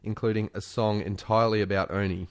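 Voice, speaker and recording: Jokey podcast host, low voice. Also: male voice, little pitch movement, quick pace. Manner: jokey, laughs often, drops into silly voices. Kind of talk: casual chat.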